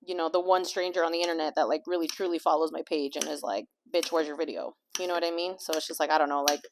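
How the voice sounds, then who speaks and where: A woman's voice: low-pitched, flat delivery, very fast, background noise. A woman vlogger and life coach in a home kitchen, rambling candidly through a casual chat full of fillers and swearing. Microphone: small clip-on mic.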